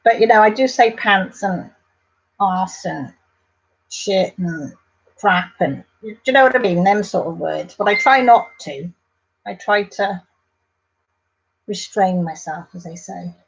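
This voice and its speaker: A woman's voice: mid-range voice, measured pace, gravelly, pauses often, slightly rough, lo-fi sound. An English woman hosting a casual live stream, chatting and reading out viewer comments in a rambling, affectionate way.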